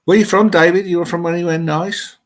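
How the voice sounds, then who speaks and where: A man's voice: sits high, fairly even intonation, fairly quick. A middle-aged man with an English Midlands accent, hosting a live stream and chatting loosely with viewers' comments, rambling as he thinks aloud.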